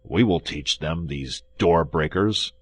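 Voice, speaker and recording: A man doing a calm, jeering swordsman. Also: a bass voice, slow, dry recording, exaggerated voice. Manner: calm, dry, mocking. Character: calm, jeering male swordsman behind a door.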